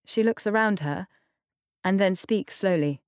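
A woman narrating an audiobook in a measured, unhurried storytelling manner. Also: medium pitch, no echo, clean studio sound. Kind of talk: scripted narration.

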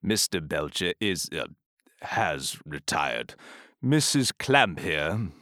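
A very deep, pompous mayor. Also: male voice, sing-song, slow pace, pushed and bright, no room sound, studio quality, heavily acted. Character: pompous blustering male town mayor. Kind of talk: full-cast audiobook acting.

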